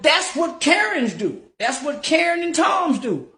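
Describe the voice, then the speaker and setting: A man giving loud, animated, profane commentary, often repeating "yeah, yeah" and laughing. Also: extremely high pitch, a little slow, creaky. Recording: roomy echo.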